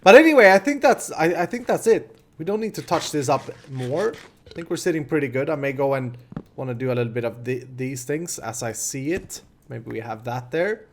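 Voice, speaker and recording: A man's voice: medium pitch, lively intonation, fairly quick, slight background noise. A man in his thirties with a Swedish accent, hosting a casual gameplay commentary and chatting in a rambling way with many restarts. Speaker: host.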